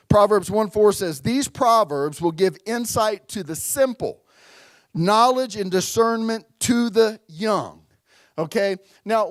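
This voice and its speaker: A man's voice: high-pitched, no room sound. A middle-aged man preaching a sermon at a church, conversational and storytelling, calling out to the congregation. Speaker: pastor.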